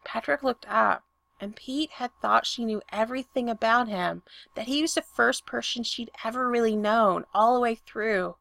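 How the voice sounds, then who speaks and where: Woman narrator reading a story aloud, gravelly voice pitched a bit high, expressive delivery. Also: moderate pace, no echo. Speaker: story reader.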